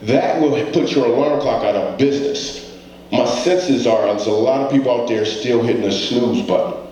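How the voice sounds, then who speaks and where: A man's voice: medium pitch, normal speed, darkish tone. A man, a comedian, giving an earnest motivational talk on stage, telling stories and asking the audience rhetorical questions. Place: stage before a live audience. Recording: very echoey hall, faint background noise.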